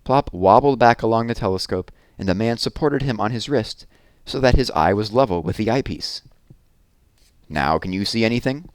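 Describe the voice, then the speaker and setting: A man reading a children's story aloud with a lively, expressive delivery. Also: on the low side, brisk, no room sound, clean studio sound. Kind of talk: children's book read-aloud.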